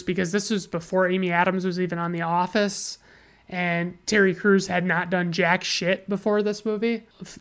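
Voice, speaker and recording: A woman's voice: medium pitch, smooth. A woman casually reviewing a movie, sarcastic and profane, often restarting her sentences.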